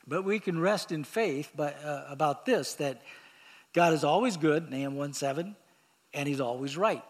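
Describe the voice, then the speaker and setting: A man preaching a sermon, reading scripture aloud and explaining it in a halting way with pauses and fillers. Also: on the high side. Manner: reads scripture aloud, then explains it plainly.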